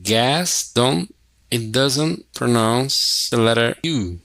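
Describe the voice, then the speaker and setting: Slow, gravelly man teaching. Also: mid-range voice, animated, a bit bright, no echo. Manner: thinks aloud, repeats words. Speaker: English teacher. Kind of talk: casual classroom walkthrough.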